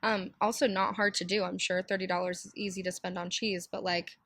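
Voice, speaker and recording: A woman in her thirties, hoarse and raspy from a cold, hosting a casual solo podcast in a chatty, candid way with many fillers. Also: on the low side, little pitch movement, fairly quick, a bit bright, no room sound. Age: 30s. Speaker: podcast host.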